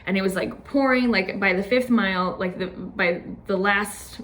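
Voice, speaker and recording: A woman's voice: medium pitch, normal speed, fairly bright tone, a little hiss or hum. Young woman, casual personal recap, chatty, filler-heavy, laughs often. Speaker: podcast host.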